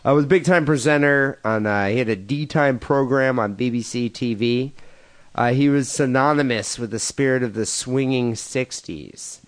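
A man's voice: mid-range voice, normal speed. A man co-hosting a crude comedy podcast in casual chat, rambling with lots of fillers and laughing at his own jokes. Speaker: podcast co-host.

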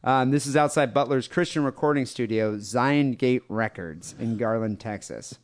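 A man's voice: mid-range voice, normal speed. A man with a Midwestern American accent hosting a podcast. He reads news stories aloud in a loose, jokey way and laughs often between lines. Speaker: podcast host. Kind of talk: casual chat, reading news stories aloud.

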